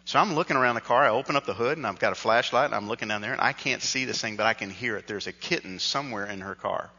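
A pastor with a bright, forceful voice tells a funny story from the pulpit, loose and conversational. His voice rings through a big hall with a long tail of reverb, and the sound is slightly dull. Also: mid-range voice, fast. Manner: conversational storytelling, self-deprecating. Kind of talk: sermon with personal story.

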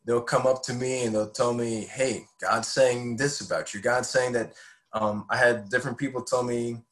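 A man's voice: medium pitch, steady tone, moderate pace, poor audio. Man in his 20s, podcast guest; sincere, heartfelt telling of a personal spiritual story. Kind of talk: personal faith testimony.

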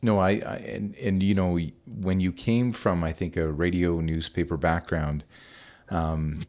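Brief: low-pitched middle-aged man, podcast host, loose and friendly, hesitant delivery. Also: fairly even intonation, unhurried, a little mellow. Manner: rambling, friendly, lots of hesitations. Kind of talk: casual interview.

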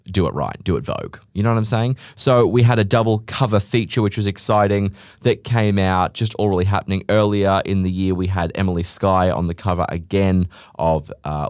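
A man hosting a podcast, ranting sarcastically and swearing, often mimicking people in a high voice. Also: darkish tone, no room sound, clean studio sound. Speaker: podcast host, business owner. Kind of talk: casual podcast monologue.

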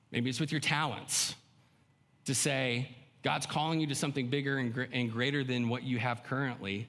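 A man's voice: medium pitch, a bit bright. A male pastor preaching a sermon in a conversational way, often acting out the inner voices of his listeners. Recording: long hall reverb.

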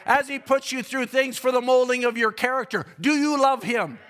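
High-voiced preacher, shouting then hushed. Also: male voice. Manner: swings from shouted peaks to hushed, slow scripture reading; drawn-out, emphatic repetition. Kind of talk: sermon.

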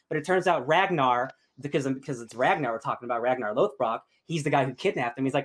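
A young man chatting casually as a podcast host, gushing and excitable with lots of fillers. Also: medium pitch, quick pace, hardly any pauses. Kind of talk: casual chat.

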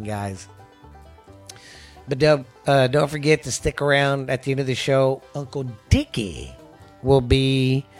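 A man's voice: medium pitch, a little mellow. Man from Texas hosting a podcast, loose and profane, faint music behind. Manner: rambling, profane, restarts often. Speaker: podcast host. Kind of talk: casual podcast chat.

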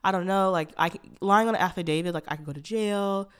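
A woman's voice: mid-range voice, fast, fairly bright tone, clear, resonant tone. A young woman hosting a podcast, telling a personal story in a rambling, candid way, full of "like" fillers, restarts and blunt swearing. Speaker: podcast host.

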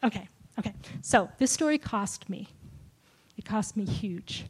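A woman in middle age shares a personal testimony at a church gathering. She tells it with lively, sweeping shifts in voice, sinking to near-whispers when quoting others. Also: medium pitch, unhurried, husky. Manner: animated storytelling, drops to whispers for quoted lines.

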